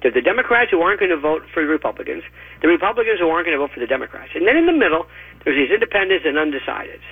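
A man giving emphatic, rapid-fire opinionated commentary as a radio guest, with a husky voice and mocking asides, heard over a phone line. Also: a little high, sing-song, dry recording. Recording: tinny dry phone line.

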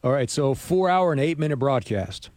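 A man's voice: medium pitch, expressive, normal speed, darkish tone, no echo, clean studio sound. A man co-hosting a sports talk show, chatting casually with rambling asides and frequent laughs. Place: radio studio.

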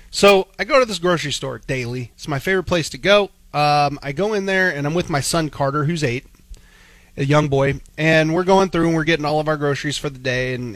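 A man's voice: on the high side, no echo. A man in his forties telling a story in a casual, rambling way as a morning radio host. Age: 40s. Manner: animated, rambling storytelling with many restarts.

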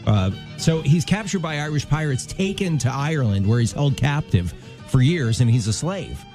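A man's voice: fairly high pitch, lively intonation, normal speed, over music. A man co-hosting a Christian morning radio show, telling stories in a loose, jokey, chatty way from a studio mic. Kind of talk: casual morning show banter. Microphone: studio microphone.

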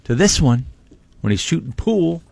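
A man's voice: fairly high pitch, very animated, moderate pace, creaky, music in the background. A man co-hosting a radio show, easygoing in casual talk. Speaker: radio co-host.

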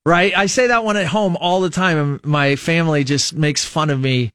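A man's voice: a little high, normal speed, a bit bright, no room sound, clean studio sound. Rambling, self-mocking male radio host. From United States. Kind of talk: casual radio chat. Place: radio studio. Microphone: studio microphone.

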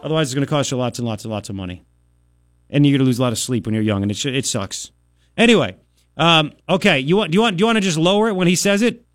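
A man in his thirties hosting a radio talk show, ranting in an animated, sarcastic way with mocking impressions. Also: a little high, very fast. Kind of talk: opinionated talk radio monologue.

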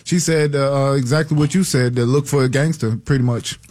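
A man's voice: medium pitch, fairly even intonation, brisk, darkish tone. A man co-hosting a talk show, speaking hesitantly with fillers. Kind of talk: casual radio banter.

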